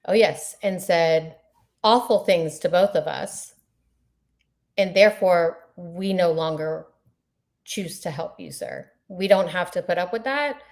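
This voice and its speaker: A woman's voice: lowish voice, unhurried, a little mellow. A woman co-hosting a casual chat show, blunt and exasperated, speaking plainly to listeners. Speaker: podcast co-host.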